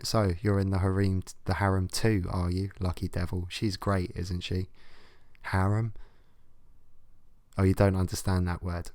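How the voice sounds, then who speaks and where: A man with a very low voice, ranting through advice letters with blunt, sweary sarcasm. His voice sounds close and dry, with no room echo. He delivers the comic reading as a host. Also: warm tone.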